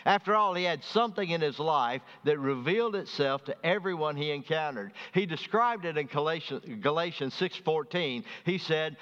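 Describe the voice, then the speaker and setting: A man from Alabama with a Southern accent, preaching a sermon in folksy storytelling fashion, swinging between high, loud emphasis and soft, low asides. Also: normal speed, few pauses, clear, resonant tone. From Birmingham, Alabama. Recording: dull sound with long reverb.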